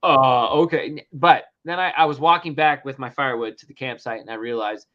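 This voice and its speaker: A man's voice: mid-range voice, brisk. A middle-aged man hosting a casual talk show, telling a story animatedly, acting out dialogue and swearing often. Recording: dull lo-fi sound.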